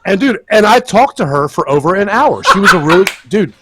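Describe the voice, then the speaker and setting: A man's voice: high voice, very animated, fairly quick, heavy background noise. A man hosting a casual live podcast, profane and ranting as he talks. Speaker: podcast host.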